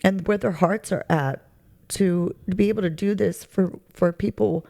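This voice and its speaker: Woman, testimony interview: gravelly, dark tone, halting and emotional. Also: on the low side. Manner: halting, searching for words, many fillers. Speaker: charity recipient sharing her testimony. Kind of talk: heartfelt personal testimony.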